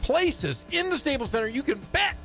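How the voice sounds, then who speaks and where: A man's voice: very high-pitched, very animated, moderate pace, sharp tone, soft background music. A man co-hosting a sports talk radio show, talking emphatically and teasing his partner. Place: radio studio.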